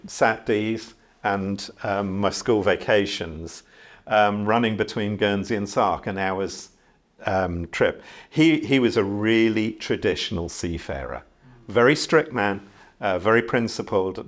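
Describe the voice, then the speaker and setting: A middle-aged man from the Channel Islands speaks in a fairly low voice. He talks like a seasoned ship captain telling a story, reflective and unhurried, with plenty of "um"s along the way. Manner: reflective, unhurried, many fillers. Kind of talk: conversational storytelling.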